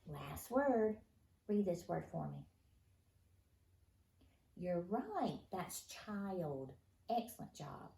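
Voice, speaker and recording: A woman leads a phonics lesson for young children, speaking slowly in a slightly low voice and cheering them on. She pauses as if hearing their answers. The recording sounds echoey with a faint hiss behind her. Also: darkish tone. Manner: slow, patient, encouraging, answers imagined replies. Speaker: first grade teacher. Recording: echoey room with faint noise.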